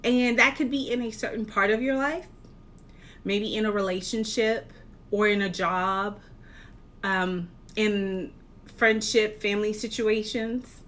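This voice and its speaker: A woman life coach giving an earnest, encouraging talk, posing rhetorical questions with measured, deliberate delivery. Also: mid-range voice, fairly even intonation, a bit bright. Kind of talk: motivational talk to camera.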